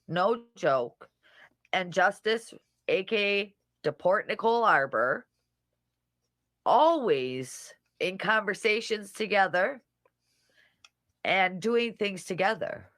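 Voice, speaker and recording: A woman's voice: mid-range voice, expressive, slow, pauses often, a bit bright, no room sound. A woman hosting a casual livestream, reading comments and mocking people in a brash, profane way. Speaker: livestream host.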